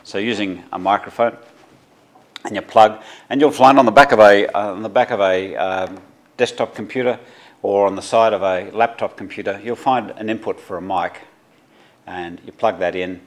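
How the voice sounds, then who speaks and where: Halting Australian man teaching. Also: fairly low pitch. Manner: halting, many fillers and restarts, practical instructions. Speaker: journalism lecturer. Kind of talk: unscripted tutorial talk.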